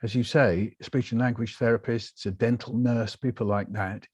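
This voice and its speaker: Animated British man telling stories. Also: mid-range voice, moderate pace, slightly rough, dry recording. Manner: animated, acts out quoted voices. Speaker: guest author. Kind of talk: storytelling in a live interview.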